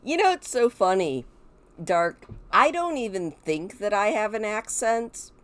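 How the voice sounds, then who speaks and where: A middle-aged woman from Michigan, USA, with a Midwestern American accent, chats casually with her viewers while commenting on a game. She's a gaming video creator, and her medium-pitched voice is animated, unhurried, and fairly bright.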